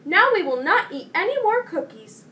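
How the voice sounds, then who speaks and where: A woman performs a sensible, patient young frog in an exaggerated voice pitched far above her own, extremely high with big swings. Her bright, forceful tone comes at a moderate pace, picked up by a distant mic with faint noise.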